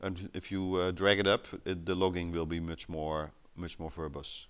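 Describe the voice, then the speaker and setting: A man casually explaining a software client during a screen-share chat, pausing often with fillers. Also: low-pitched, monotone, smooth.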